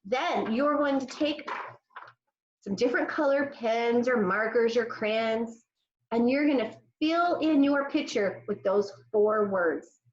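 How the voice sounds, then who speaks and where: A woman teaching an early-grades class over video, cheerful and slowing into a sing-song when she recites lines for the children to repeat. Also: on the high side, echoey room, muffled recording. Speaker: elementary school teacher. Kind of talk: remote classroom lesson for young children.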